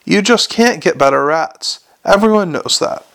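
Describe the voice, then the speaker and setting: Guy doing a loud huffy dwarf cook, a bit higher, gravelly edge. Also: expressive, normal speed, exaggerated voice. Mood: indignant. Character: indignant blustering male dwarf restaurateur.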